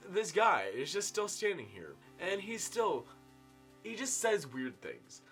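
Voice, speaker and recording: Young man, bright forceful voice, casual story time, animated swings in pitch and volume, indoors. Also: takes it slowly, soft background music. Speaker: vlogger telling a story. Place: indoor room at home.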